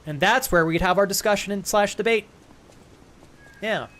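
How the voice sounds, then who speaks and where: A man's voice: high voice, moderate pace, a bit bright. A man live-streaming a game, joking crudely with chat and thanking viewers as he plays. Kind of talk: live gaming stream banter.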